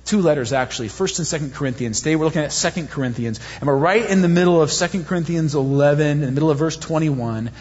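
A man in his thirties preaching a sermon as pastor, animated and self-deprecating, building points through repetition. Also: a little high, fast, few pauses, slightly rough. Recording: dull, long hall reverb.

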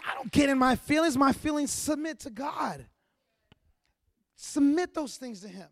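A male pastor preaching a sermon with passion, building to loud emphatic peaks and often stammering through repeated words. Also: very high-pitched, lively intonation, unhurried, gravelly, long pauses, no echo.

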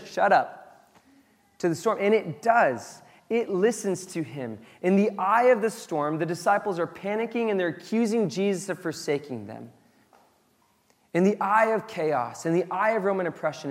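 A man preaching a sermon in a casual, conversational way, moving between loud excited asides and soft, low reflection. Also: big-room sound. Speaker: pastor.

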